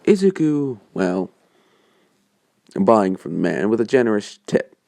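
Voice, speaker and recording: A man's voice: fairly low pitch, sing-song, a little slow, vocal fry, warm tone, dry recording. A man casually making up a fan story as he goes, rambling and hesitant, full of fillers and self-corrections.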